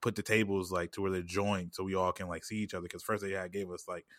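Fast-talking man with a bright, dry voice. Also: deep voice, flat delivery, dry recording. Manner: loose, slangy storytelling with lots of "like". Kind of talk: casual chat.

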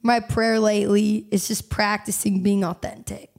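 A young woman chatting as a podcast guest, bubbly and quick to laugh, her talk full of "like" and "you know". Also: medium pitch, level tone, creaky. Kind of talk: casual podcast conversation.

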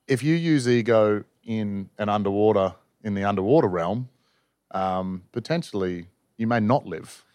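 A man hosting a podcast, talking in an animated, chatty way. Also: lowish voice, normal speed, clear, resonant tone, dry recording. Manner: animated, chatty, laughs easily. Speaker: podcast host, freediving instructor. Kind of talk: casual conversation.

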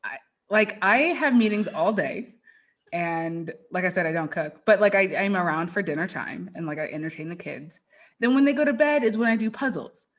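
A woman's voice: lowish voice, lively intonation, normal speed. A woman guest on a podcast, talking earnestly and casually about her faith and purpose, with a lot of "like" fillers. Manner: earnest and faith-driven, peppered with "like". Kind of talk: casual interview chat.

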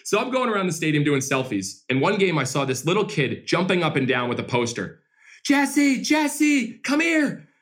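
A man who owns a baseball team, answering interview questions as an energetic, animated storyteller. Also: on the high side, quick pace, few pauses.

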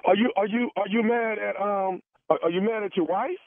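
A man's voice: high voice, normal speed. A man making a radio prank phone call, stammering and pleading as a flustered manager. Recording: tinny phone line.

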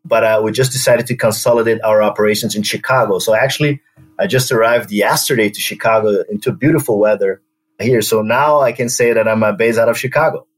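A man speaking as a guest on a podcast, explaining in a relaxed way with some hesitations. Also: fairly low pitch, brisk. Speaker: podcast guest, company co-founder. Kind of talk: conversational podcast interview.

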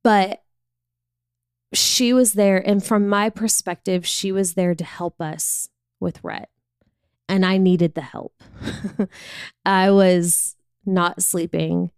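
Candid woman podcaster, smooth and dry. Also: medium pitch, fairly even intonation, takes it slowly, long pauses, no room sound. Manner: frank, confessional, conversational. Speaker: podcast host. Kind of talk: candid personal storytelling.

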